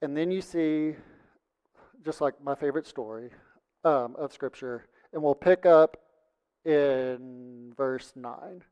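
A man preaching a sermon and reading Scripture, emphatic, swinging from loud passages to hushed ones. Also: mid-range voice, takes it slowly, smooth. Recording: dull lo-fi sound with long hall reverb.

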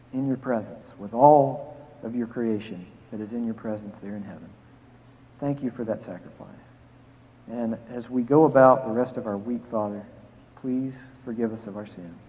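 A man pastor reading scripture, preaching and leading a prayer, emphatic on key phrases and dropping soft to pray. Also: mid-range voice. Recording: phone-like sound with long hall reverb.

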